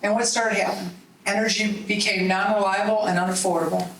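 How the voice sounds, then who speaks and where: Middle-aged woman, animated storyteller at a party meeting, faint room hum behind her. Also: mid-range voice, a little fast, gravelly, distant mic. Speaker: political speaker. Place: meeting hall. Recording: roomy hall audio from off-mic.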